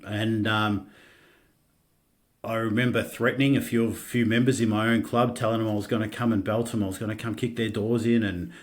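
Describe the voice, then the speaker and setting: A middle-aged man with an Australian accent, a podcast guest telling his own story candidly, halting and restarting often and swearing casually. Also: fairly low pitch, little pitch movement.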